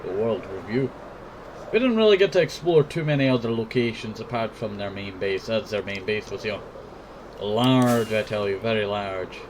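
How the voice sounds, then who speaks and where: A man's voice: lowish voice, normal speed, a little hiss or hum. A sick man with a cough, rambling casually while commenting on his own gameplay. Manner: rambling, keeps saying "I tell you". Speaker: gameplay video host.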